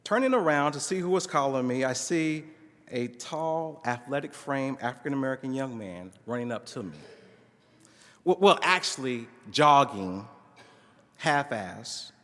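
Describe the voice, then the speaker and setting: A man reads a story aloud to a conference audience, his voice sitting at an ordinary middle pitch. He acts out the dialogue with changing voices. A long hall reverb trails after his words. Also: lively intonation, measured pace, a bit bright. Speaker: conference speaker reading a case story. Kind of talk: dramatic reading of a narrative.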